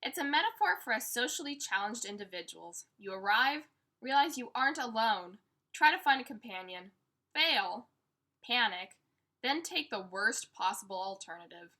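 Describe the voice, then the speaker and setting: A woman's voice: on the high side, lively intonation, normal speed, bright, forceful tone. A young woman vlogging in casual chat, self-deprecating, acting out her own panicked thoughts. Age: young adult.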